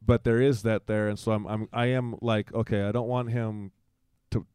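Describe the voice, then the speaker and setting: A man's voice: lowish voice, flat delivery, moderate pace, darkish tone, clean tone, no echo. A man in his forties, a guest in a casual conversation, telling a personal story and acting out quoted dialogue in livelier voices, with frequent restarts.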